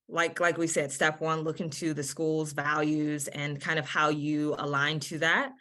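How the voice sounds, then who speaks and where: A woman's voice: sits low, fairly bright tone. A woman admissions counselor giving earnest, encouraging advice on a video-call webinar, often repeating words and using fillers.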